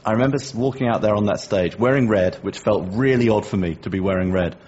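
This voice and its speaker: Middle-aged English co-host, deep-ish and husky, animated self-deprecating storyteller. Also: male voice, fast talker. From England. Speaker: podcast co-host. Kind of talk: casual chat. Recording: dull lo-fi podcast audio.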